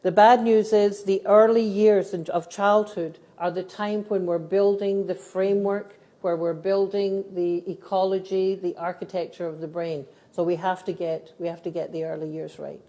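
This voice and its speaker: A middle-aged woman with a Scottish accent speaks at normal speed in a lowish, warm voice, delivering flatly and barely pausing. She's the guest speaker at a live teachers' event, telling stories, laughing, and earnestly answering questions in a talk and Q&A.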